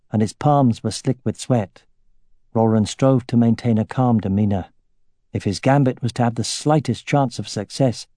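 A man narrating a fantasy audiobook in a measured, steady way. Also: mid-range voice, no room sound, studio quality.

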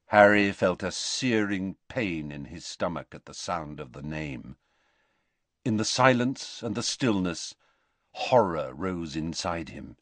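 A man reading a novel aloud as an audiobook narrator, in an expressive, measured style. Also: low-pitched, dry recording. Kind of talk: scripted narration.

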